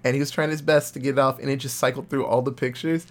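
Young guy on a podcast, swears a lot, lively storytelling about movies. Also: medium pitch, fast talker. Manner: profane, animated storytelling. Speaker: podcast co-host. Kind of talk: casual film review chat.

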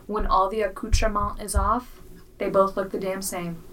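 A woman's voice: mid-range voice, steady tone, a bit bright, distant mic, rough recording. A woman hosting a true crime comedy podcast, casual and cheeky, who swears as she jokes. She sits slightly off the mic. Faint background noise runs under her voice. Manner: swearing, quick, playful storyteller. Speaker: podcast co-host.

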